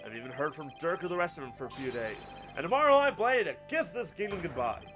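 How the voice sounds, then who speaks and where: A man's voice: on the high side, sing-song, quick pace, fairly bright tone, faint music behind. A man voicing a cocky, evasive young male rebel in a video game, with a casual, dismissive drawl. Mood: defiant. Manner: casual, dismissive drawl, talks with mouth full.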